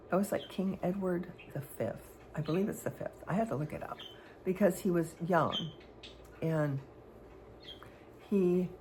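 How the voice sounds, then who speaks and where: A woman's voice: on the low side, slight background noise. A woman vlogger telling personal stories in a rambling, hesitant way, full of fillers and restarts. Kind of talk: candid personal storytelling.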